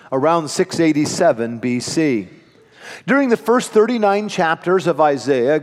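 A pastor preaching a sermon in an earnest, emphatic manner with dramatic pauses. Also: male voice, on the high side, in a large hall. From United States.

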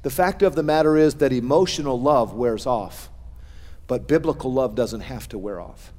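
A man's voice: mid-range voice, moderate pace, darkish tone, in a large hall. A middle-aged male pastor preaching a sermon, earnest, with folksy humor and shifting emphasis.

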